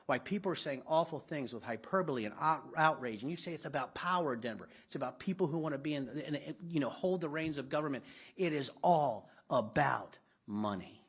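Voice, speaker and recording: A man's voice: fairly high pitch, animated, brisk, husky. A middle-aged man giving a conversational, self-deprecating speech to a live audience at a political summit, with blunt asides.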